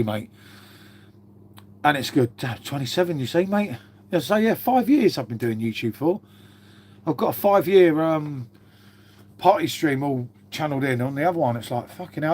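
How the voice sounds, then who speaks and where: Medium-pitched and a little mellow, this British man's voice comes with slight background noise. Hosting a laid-back live stream, he reads out viewer comments, swears a lot, and says "mate" constantly in a chatty, matey way.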